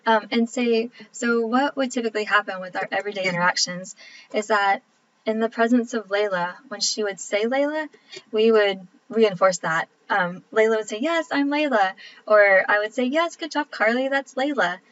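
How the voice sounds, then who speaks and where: A woman's voice: mid-range voice, normal speed. A woman, casually explaining a lecture topic with frequent ums. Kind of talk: recorded lecture. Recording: dull lo-fi recording with faint background noise.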